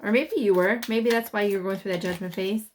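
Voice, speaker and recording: A woman at a middle pitch talks her way through a tarot spread for her viewers. She chats loosely, thinking aloud with plenty of fillers. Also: fairly even intonation, brisk, a little hiss or hum. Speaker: tarot reader. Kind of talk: casual tarot reading.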